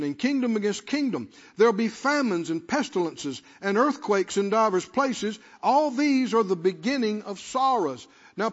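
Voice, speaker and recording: Male preacher, high and fervent, muffled recording with long church echo. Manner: calls out to the congregation, rising to shouts. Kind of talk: sermon.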